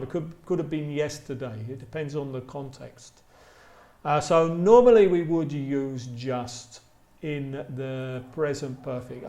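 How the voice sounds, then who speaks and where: A man teaching an English grammar lesson, repeating example sentences slowly and stretching them out for emphasis. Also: on the high side, darkish tone, reverberant. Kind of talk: slow, deliberate grammar lesson with spoken examples.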